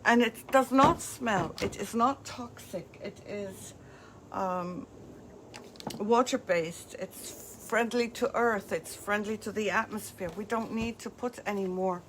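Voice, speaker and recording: A woman's voice: mid-range voice, slow pace, a bit bright, a little hiss or hum. A woman hosting a live craft demonstration, chatting as she walks viewers through each step. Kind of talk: live craft product demo.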